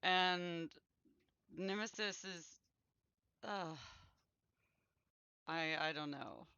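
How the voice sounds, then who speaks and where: Game streamer, male, high voice, excitable play-by-play chatter, audible game noise behind. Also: drawn-out words, highs cut off. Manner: excitable, often bursts into delighted yells. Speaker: live streamer. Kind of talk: casual gameplay commentary.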